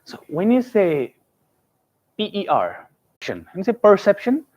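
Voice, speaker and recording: A man's voice: high voice, wildly swooping pitch, measured pace, darkish tone. A man teaching pronunciation in a classroom, repeating words to drill his students and adding joking asides. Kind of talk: classroom teaching, mixing English and Hindi.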